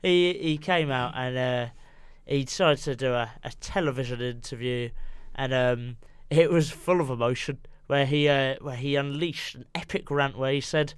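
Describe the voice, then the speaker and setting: A man co-hosting a podcast, telling a football story in a halting, hesitant way. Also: mid-range voice, clean tone, no room sound. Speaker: podcast co-host. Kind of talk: casual football chat.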